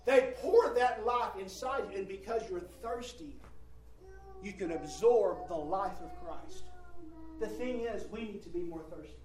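A man's voice: high-pitched, lively intonation, unhurried, darkish tone. A male preacher giving an emphatic sermon, swelling and dropping his voice and repeating phrases for effect. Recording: roomy hall from a distant mic, faint ambience.

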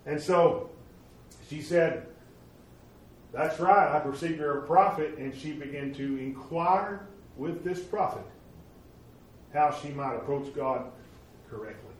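A man preaching a sermon, retelling stories and acting out the voices of the people in them, moving between loud emphatic lines and hushed ones. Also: a little high, measured pace. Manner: animated, acts out quoted voices, swings from loud to hushed. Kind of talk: sermon storytelling. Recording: very echoey room, from a distance, faint noise.

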